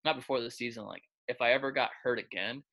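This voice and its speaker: A man's voice: mid-range voice, fast talker, gravelly, pushed and bright. A man who coaches quarterbacks, telling stories in a casual interview in a loose, chatty way, full of filler words. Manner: loose and chatty, heavy with filler words, acts out quoted lines.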